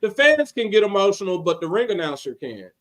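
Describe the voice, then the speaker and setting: A man co-hosting a casual wrestling podcast, talking in an animated, rambling way and restarting his sentences. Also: high-pitched, fairly quick. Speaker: podcast co-host.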